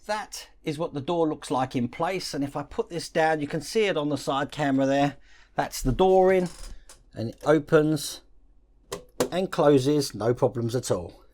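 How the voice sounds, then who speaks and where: A man walks through a model-building tutorial one step at a time, talking while he works with his hands. His voice sits a little higher than most men's. The delivery is calm and explanatory. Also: measured pace. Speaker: model-building channel host.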